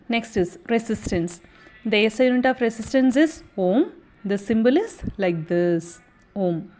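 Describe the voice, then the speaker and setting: Patient and methodical, a young woman leads an exam revision lesson and goes back over every point. Her slightly high voice is a little mellow, and she tends to pause on "so" and "okay" before each next step.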